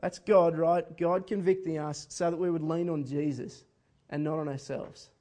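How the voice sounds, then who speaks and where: A man's voice: a little high, fairly even intonation, moderate pace, mellow. A man preaching a sermon in an earnest, conversational way, often chuckling as he speaks. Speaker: pastor.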